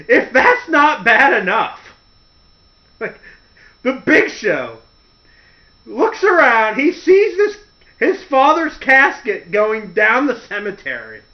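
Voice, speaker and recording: On a dull lo-fi recording, a man hosting a show uses a very high voice, taking his time and leaving long pauses. His storytelling is casual and funny, full of laughter, impressions, and animation.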